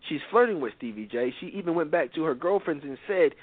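A man's voice: fairly high pitch, animated, quick pace, few pauses, no room sound. Blunt, preachy man on tinny radio. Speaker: radio show host. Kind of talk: opinionated commentary on reality TV. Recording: tinny phone-like radio sound.

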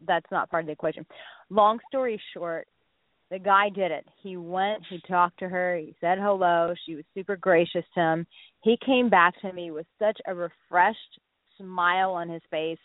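Woman, dating coach guest, animated storyteller, phone-line audio, dry and close. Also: fairly low pitch, moderate pace, dry recording. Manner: lively anecdotal storyteller, acts out quotes. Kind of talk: radio interview, storytelling. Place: Los Angeles area. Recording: phone-line radio call.

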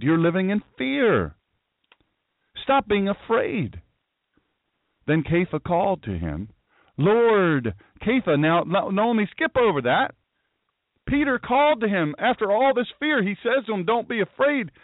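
A man's voice: high voice, no room sound, narrow, tinny audio. A man preaching a sermon who tells the story dramatically and acts out the voices of the people in it. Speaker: pastor.

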